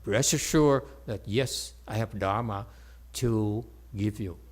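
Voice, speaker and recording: A man quoting a calm, assured old Chan master. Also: fairly low pitch, slow pace, voice pushed down. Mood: reassuring.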